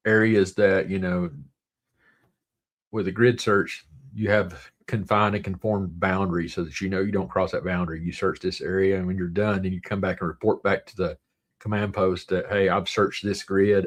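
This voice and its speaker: A man with a Southern drawl hosting a casual livestream, rambling along and reading viewer comments aloud. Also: low-pitched. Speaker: livestream host.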